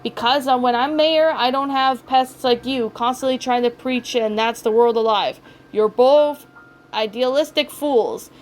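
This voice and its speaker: Sadistic raccoon villain read by a woman, sneering rants, fairly high voice. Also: measured pace, a little hiss or hum, close to an everyday voice. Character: ruthless sadistic male raccoon businessman.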